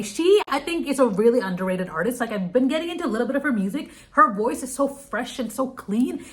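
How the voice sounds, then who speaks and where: A young woman whose first language is Telugu, chatting bubbly and casually through her monthly favorites with many restarts. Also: a little high. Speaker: vlogger.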